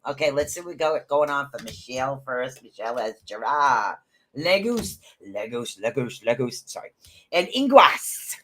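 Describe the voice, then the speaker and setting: A man's voice: fairly high pitch, a bit bright, slight background noise. A man hosting a casual livestream rune reading. He talks in a chatty, rambling way, repeats words, and calls his listeners honey. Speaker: podcast host giving live rune readings.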